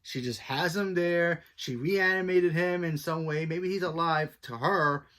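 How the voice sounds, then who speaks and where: A man's voice: on the high side, a little slow, a bit bright. Rambling man reviewing a TV episode. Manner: rambling, loose, lots of "you know" and "like"; thinking aloud, self-correcting. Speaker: TV show reviewer. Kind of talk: casual spoiler review.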